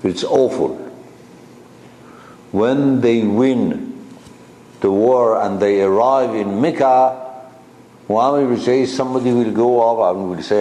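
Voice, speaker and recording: A man teaching a class on a spiritual text, talking slowly in short halting phrases and asking his listeners questions, with English as a second language. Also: mid-range voice, warm tone, echoey room, rough recording. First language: not English.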